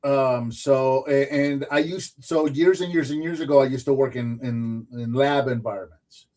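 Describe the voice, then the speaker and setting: A man's voice: mid-range voice, normal speed. A man hosting a livestream podcast, chatting casually and filling his talk with "like" and "dude". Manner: animated, uses "like" and "dude" a lot. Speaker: podcast host. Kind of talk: casual chat.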